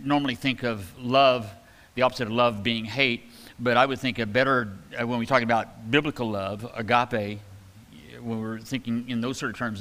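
A man's voice: medium pitch, bright, forceful tone, long reverb tail. A man giving a casual, rambling sermon, with many fillers and restarts, reading scripture aloud with emphasis. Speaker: preacher. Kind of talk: conversational sermon.

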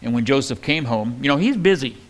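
A man's voice: mid-range voice, fairly quick. Man, pastor, conversational Bible teaching, joking asides, mid-range voice. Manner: relaxed and chatty, with joking asides.

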